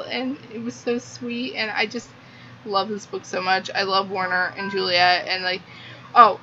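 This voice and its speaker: A woman's voice: mid-range voice, sharp tone. Gushing young woman, muffled lo-fi recording. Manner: gushing, filler-heavy, lots of "like". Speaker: book reviewer. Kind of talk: casual book review. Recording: muffled lo-fi with faint hiss.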